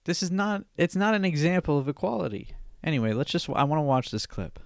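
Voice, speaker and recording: Young male podcaster, smooth clear voice, dry close sound, swears and rambles, solo casual rant. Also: a little high, sing-song, fast talker, dry recording. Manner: profane, rambling, repeats himself. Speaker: podcast host.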